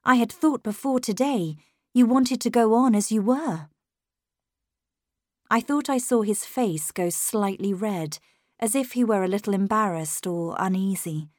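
A woman narrating a first-person story in a measured, unhurried storytelling manner. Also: mid-range voice, darkish tone, no room sound, clean studio sound. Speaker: audiobook narrator.

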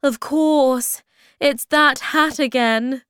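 A woman reading aloud, voicing a gentle, calm motherly creature in a soft, lilting voice. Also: high voice, unhurried, dry recording, clean studio sound, pitched above the performer's own voice. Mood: delighted.

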